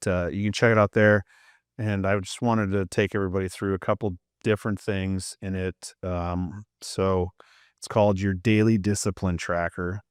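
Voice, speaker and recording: A man's voice: sits low, smooth, dry recording, clean studio sound. A man with a Canadian accent co-hosting a podcast in casual chat, rambling along with many fillers and restarts. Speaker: podcast co-host and mindset coach.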